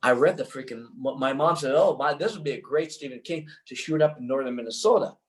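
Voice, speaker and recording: Older man, interview guest, excitable, rambling, restarts often, average pitch. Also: quick pace, poor audio. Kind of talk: rambling anecdotal storytelling.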